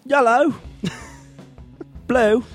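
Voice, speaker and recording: A man's voice: very high voice, steady tone, drawn-out words, faint music behind, voice pushed up, heavily acted. A man playing himself in a mock British accent, listing colours in an exaggerated, rising, playful way. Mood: mock posh.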